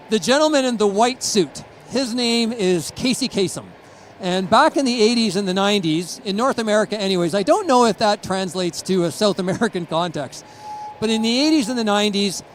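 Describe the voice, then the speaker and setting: A man's voice: sits high, a little hiss or hum, rough recording. A middle-aged man from Canada giving a conference presentation, telling stories with chuckles and acting out quotes. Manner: storytelling, chuckles, acts out quotes. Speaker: conference speaker.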